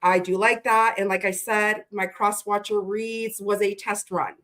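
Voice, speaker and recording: A woman's voice: mid-range voice, little pitch movement, a little slow, a bit bright. A woman hosting a tarot livestream, greeting her chat viewers one by one in a chatty, playful way that swears freely, and she sounds tired.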